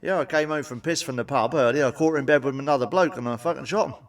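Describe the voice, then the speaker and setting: A male stand-up comedian delivers a joke monologue in a blunt, sweary style, with cheeky jokes and tag questions. His voice is mid-pitched and fast. The mic is set back a little, so he sounds somewhat distant.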